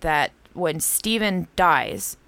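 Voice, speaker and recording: A woman with a fairly low voice chats through her take on a horror movie. She leans on "like" and swears casually. The recording is dry and close. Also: expressive, extremely slow, vocal fry, fairly bright tone, dry recording. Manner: chatty, full of "like", swears, hedges opinions.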